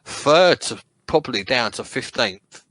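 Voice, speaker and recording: A man's voice: mid-range voice, animated, unhurried, fairly bright tone, no room sound, low-quality recording. A man from England chatting casually about football on a podcast, rambling and swearing freely. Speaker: podcast co-host.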